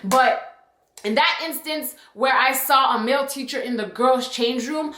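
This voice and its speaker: Animated young woman with a bright voice. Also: high voice, measured pace, echoey room. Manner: animated, emphatic, lots of "like" and "okay?". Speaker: YouTube storyteller. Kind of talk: storytime vlog.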